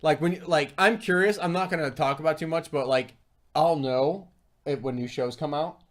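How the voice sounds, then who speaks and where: A man's voice: on the high side, moderate pace, fairly bright tone. A young adult man co-hosting a casual food review livestream, telling rambling, self-deprecating stories with lots of fillers. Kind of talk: casual live-stream chat.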